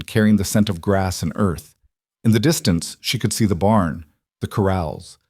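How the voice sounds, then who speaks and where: A man narrating a scripted frontier story in an even, measured way. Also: lowish voice, no echo, clean studio sound.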